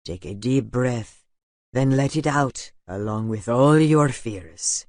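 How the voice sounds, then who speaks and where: A man voicing a calm, patient male mentor in an audiobook, speaking slowly and gently. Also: mid-range voice, no room sound, clean studio sound, close to an everyday voice. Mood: gentle.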